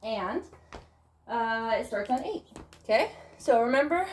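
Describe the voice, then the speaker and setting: A woman teaching tap dance, calling out steps and counts in a brisk, encouraging way in her studio. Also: fairly high pitch, lively intonation, far from the mic, slight background noise. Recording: echoey studio with loud tap clicks.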